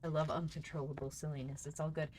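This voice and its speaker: Woman reading a kids' book live, low voice, giggles with chat. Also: little pitch movement, quick pace, a little mellow, slight background noise. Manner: giggly, chatty asides to viewers. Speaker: streamer reading a book aloud.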